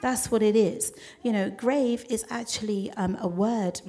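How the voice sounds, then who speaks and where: Brief: a woman preaching, chatty and animated, slips into voices when she quotes people. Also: mid-range voice, measured pace. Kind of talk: sermon.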